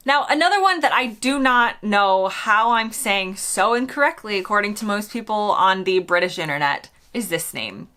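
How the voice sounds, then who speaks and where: A bright-toned American woman in her thirties talks to camera in a casual vlog, her pitch jumping around a lot. She is chatty and quick to poke fun at herself. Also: expressive. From United States. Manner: chatty, self-deprecating, often laughing at herself. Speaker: vlogger.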